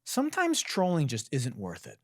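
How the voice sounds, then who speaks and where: Sarcastic, animated male podcast host. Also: medium pitch, normal speed, no room sound, studio quality. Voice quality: musician. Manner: sarcastic, swearing, animated mockery. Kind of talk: comedic commentary.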